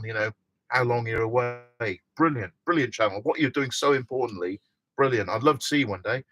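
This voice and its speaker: A man's voice: medium pitch, a bit bright. A middle-aged man hosting a casual live stream from inside a motorhome, chatting and reading out viewer comments with frequent laughs.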